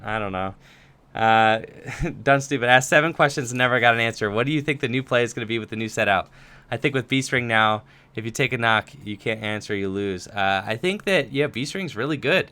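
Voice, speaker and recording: Bright, clear-voiced young man chatting. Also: fairly low pitch. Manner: chatty, reads chat questions aloud, many fillers. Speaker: streamer answering viewer questions. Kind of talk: casual livestream Q&A.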